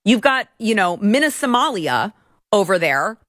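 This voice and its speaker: A woman's voice: medium pitch, sing-song, moderate pace, a bit bright, no echo. Indignant woman host ranting, dry sound. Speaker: political commentary host. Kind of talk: opinion commentary monologue.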